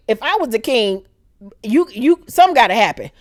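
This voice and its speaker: Animated woman recapping a TV show. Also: a little high, normal speed, no echo, clean studio sound. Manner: animated, acts out characters in exaggerated voices. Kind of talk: casual profane TV recap.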